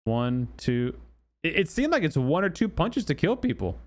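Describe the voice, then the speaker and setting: A man's voice: fairly high pitch, big pitch swings, normal speed, darkish tone. Chatty man commenting on game news. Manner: loose and chatty, many fillers and restarts. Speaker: gaming channel host.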